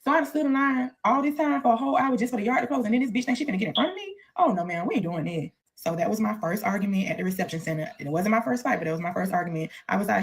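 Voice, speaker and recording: A woman's voice: medium pitch, expressive, very fast, few pauses. A woman telling a casual story in a candid, profane way, acting out the voices she quotes.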